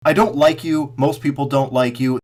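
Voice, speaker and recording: A man giving an angry, profane political rant straight to camera, sarcastic and mocking, swinging between loud outbursts and muttered asides. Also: medium pitch, fairly even intonation, moderate pace. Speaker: political commentary vlogger.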